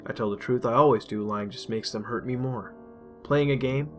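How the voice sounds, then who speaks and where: A man reading a dark first-person story aloud, intense and emotional. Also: fairly low pitch, steady tone, brisk. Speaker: narrator. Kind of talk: dramatic horror story reading. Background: faint music.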